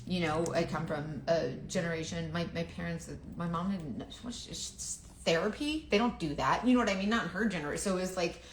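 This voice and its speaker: Woman, 30s, rambly confiding makeup chat, low voice, echoey room. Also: brisk, hardly any pauses, a little hiss or hum. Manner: rambling, confiding, trails off and restarts. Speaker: makeup seller and vlogger. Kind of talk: casual chat while doing makeup on camera.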